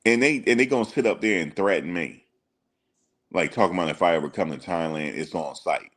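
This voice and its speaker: A man's voice: deep voice, brisk, a bit bright. A man giving casual reaction commentary as an online host, emphatic and slangy and full of rhetorical questions.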